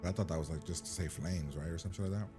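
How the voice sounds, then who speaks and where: A man's voice: sits low, racing, music in the background. A man reacting to a TV episode for the first time, blunt and profane, firing incredulous questions at the screen. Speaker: reaction host.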